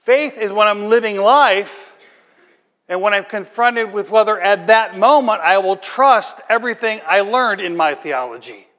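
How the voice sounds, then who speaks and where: A man's voice: sits high, a little slow, fairly bright tone, long reverb tail. A man preaching a sermon as pastor, talking conversationally with rhetorical questions and building to emphatic peaks.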